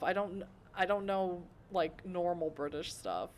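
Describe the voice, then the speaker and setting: A lowish female voice moves at a measured pace with hardly any pauses, against slight background noise. The speaker, an American woman streaming a game from home, reads the visual novel's story aloud and interrupts with chatty, self-mocking asides.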